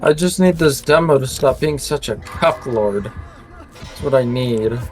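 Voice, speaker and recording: A man's voice: mid-range voice, animated, a little slow, a little mellow, faint music behind. A man chatting with teammates during a multiplayer game, swearing and venting his frustration. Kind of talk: casual gaming chat.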